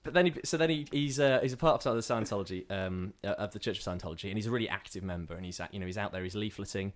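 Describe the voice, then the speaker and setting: A man's voice: lowish voice, rapid-fire. A man casually telling a rambling comic story on a podcast, acting out the characters in quoted voices. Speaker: podcast co-host pitching a story.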